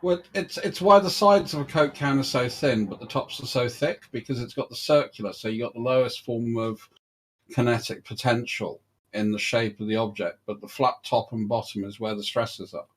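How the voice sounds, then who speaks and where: A man's voice: mid-range voice, moderate pace, a bit bright. A man in a casual debate chat, trading dry, mocking jabs.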